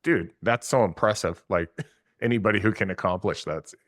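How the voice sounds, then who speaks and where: A man's voice: fairly low pitch, moderate pace, a bit bright. A man hosting a podcast in casual chat, laughing easily and reacting with short eager remarks. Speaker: podcast host.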